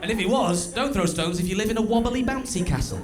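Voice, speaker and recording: A man's voice: high-pitched, expressive, quick pace, a crowd in the background. A young man doing a live stand-up set in a small club, telling crude self-mocking stories in a chatty way on a stage mic. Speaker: stand-up comedian. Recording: echoey club room with music.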